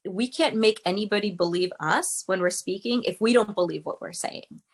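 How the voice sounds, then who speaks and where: A woman's voice: medium pitch, moderate pace. A woman speaking as a guest, a public speaking coach explaining with emphatic, teacherly energy. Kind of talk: interview guest.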